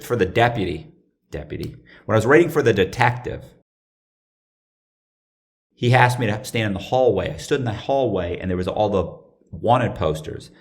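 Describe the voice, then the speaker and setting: A man, a guest on an interview podcast, telling a personal story in a casual, animated way and acting out the dialogue. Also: lowish voice. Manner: animated, acts out quoted dialogue.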